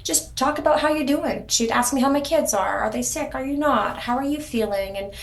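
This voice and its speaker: Podcast guest, woman, warm and rambling storyteller, roomy echo on the mic. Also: sits high, a little fast. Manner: warm storytelling, frequent restarts and repeated words. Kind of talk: casual interview chat.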